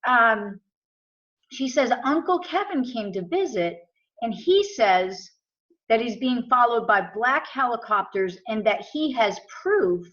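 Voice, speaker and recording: A woman's voice: a little high, takes it slowly. An American woman, an interview guest, tells a personal story in a casual way, acting out the voices of the people in it. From USA. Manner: animated retelling with quoted dialogue. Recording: muffled lo-fi audio.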